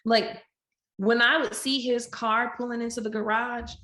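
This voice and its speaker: A woman guest on a podcast, telling a personal story candidly and acting out quoted dialogue with lively shifts of voice. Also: a little high, a little slow. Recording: roomy echo.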